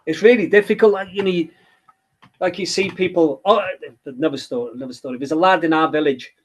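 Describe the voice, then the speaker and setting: Rambling man, slightly high voice. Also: fast. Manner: rambling, hesitant, with many restarts. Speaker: children's book author. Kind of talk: casual interview chat.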